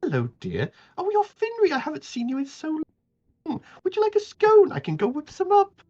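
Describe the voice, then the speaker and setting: A man voicing a prim, motherly old woman who scolds and fusses in a high falsetto. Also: huge pitch swings, brisk, darkish tone, exaggerated voice. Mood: scolding fussy. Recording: dull lo-fi audio, faint music.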